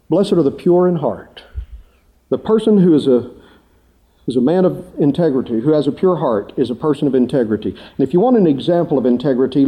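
A male preacher delivers a sermon, moving from story into scripture. His voice sits a little high and sounds very dark and mellow, and he stretches out key words for emphasis. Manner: animated storytelling, rising pitch for emphasis.

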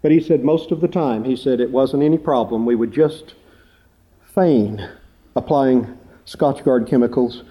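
A man preaching a sermon, telling a story with lively emphasis and earnest, drawn-out stresses on key words. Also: lo-fi sound. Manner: animated storytelling, rising pitch for emphasis.

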